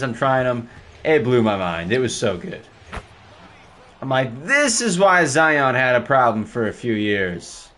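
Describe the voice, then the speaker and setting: An excitable young man talks over his basketball video game live, trash-talking the opponents and yelping when plays go wrong. His pitch swings widely and his voice sits in a middle register. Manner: excitable, trash-talking, jumps into high yelps. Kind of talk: live gameplay commentary.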